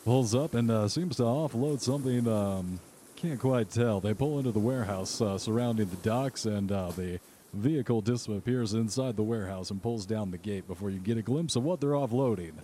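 A young man narrating as game master, relaxed and halting, with many fillers. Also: lowish voice, a little hiss or hum.

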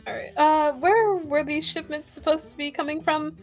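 A woman talking playfully as a player at a tabletop game, her voice a little high. Soft music runs under her. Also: steady tone, moderate pace. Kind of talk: tabletop role-play.

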